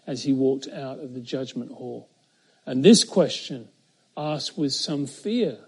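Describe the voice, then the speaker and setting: A middle-aged man preaching verse by verse, with a mellow, darker tone that sits a little high for a man. He is earnest and builds to louder, higher peaks when he quotes a line of scripture, then drops low and quiet to reflect. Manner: earnest, rises in pitch and volume when quoting scripture, dramatic pauses. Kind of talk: expository sermon.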